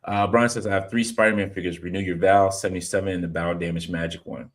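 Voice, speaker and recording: Fast-talking and low-pitched, this podcast host keeps things casual, spinning animated stories packed with "I was like" and reading chat comments from viewers aloud.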